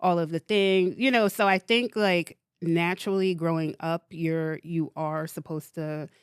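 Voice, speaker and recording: A woman's voice: fairly low pitch, steady tone, a little slow, clean tone, no room sound, clean studio sound. A woman in her forties, a podcast guest, speaking in an earnest, reflective way with many "you know"s. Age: 40s. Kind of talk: casual conversational interview.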